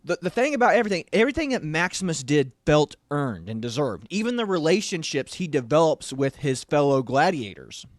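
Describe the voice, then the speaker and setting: A man's voice: fairly high pitch, very animated, fairly quick, hardly any pauses, no echo, clean studio sound. A man co-hosting a casual movie review show, rambling, with many restarts and fillers. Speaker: podcast co-host.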